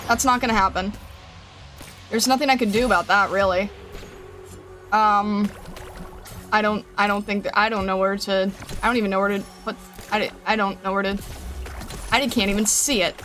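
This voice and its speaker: A woman's voice: medium pitch, moderate pace, long pauses, bright, forceful tone, faint music behind. A young woman streamer chatting to herself during gameplay, pleading with the game and reacting as she plays. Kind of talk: casual gameplay commentary.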